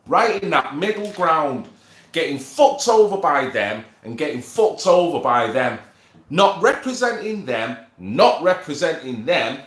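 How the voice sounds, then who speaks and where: A man's voice: a little high, reverberant. A man ranting to his viewers in a casual monologue, swearing often and asking them if he's wrong. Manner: animated, swears a lot, asks viewers for agreement. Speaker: political vlogger.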